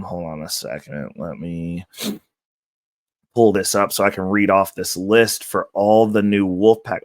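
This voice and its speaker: A man with a low, dry voice hosts his own crypto channel from close to the mic. He sounds stuffy and his voice is nearly spent. He still rambles along casually, full of fillers and restarts, with an upbeat push toward his viewers. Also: dry recording. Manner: loose and rambling, with many fillers and self-corrections. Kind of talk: casual talk to camera.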